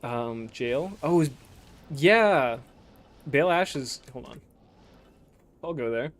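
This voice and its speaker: A man chatting casually as a game streamer, rambling and swearing, often trailing off into quiet mutters as he plays. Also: medium pitch, animated, slow. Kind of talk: casual commentary while playing.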